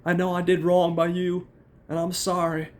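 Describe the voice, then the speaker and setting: A hoarse man voicing a frantic young woman gushing her thanks and begging to run off together. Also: sits high, completely flat delivery, normal speed, voice pushed up, natural voice. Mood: pleading. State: hoarse from a cold.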